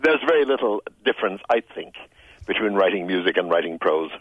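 An older Irish man talks on the radio with a lively, rising and falling melody. His voice is a bit husky and slightly low. It sounds dry and muffled, like a broadcast phone link. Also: a little fast, no room sound. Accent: Irish, Tipperary, smoothed by years in London. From Ireland. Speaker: radio show guest, writer. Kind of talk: relaxed radio conversation.

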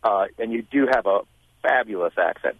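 A man's voice: lowish voice, normal speed, no echo. Male caller on a tinny phone line. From West Virginia. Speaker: caller, musician. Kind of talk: call-in comment.

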